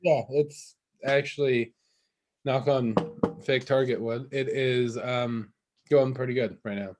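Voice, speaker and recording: Young adult man, podcast co-host, rambling anecdotal delivery at a mid pitch, lots of fillers and restarts. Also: fairly even intonation, slow pace, a little mellow. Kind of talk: casual chat.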